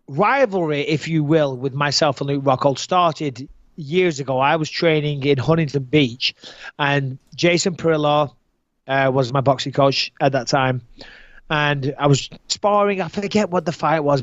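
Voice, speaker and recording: Lively joking man, podcast host. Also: a little high, a little slow, dry recording, muffled recording. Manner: animated, joking, swearing storyteller. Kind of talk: casual podcast chat.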